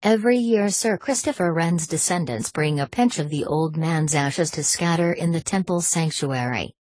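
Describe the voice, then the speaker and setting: A woman voicing a pompous, scheming older British knight on crutches, haughty and sharp-tongued. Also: low-pitched, moderate pace, no room sound. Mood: imperious.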